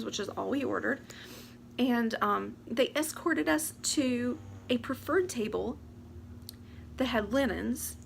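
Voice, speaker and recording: A woman, speaking into a camera mic with a very gravelly, fry-filled voice. She rambles emotionally and sounds close to tears. A faint hiss sits under her words. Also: on the high side, fairly bright tone. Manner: emotional, rambling, talks fast and laughs through tears. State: teary, close to crying. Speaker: vlogger. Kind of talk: casual chat to camera. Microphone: camera or phone mic.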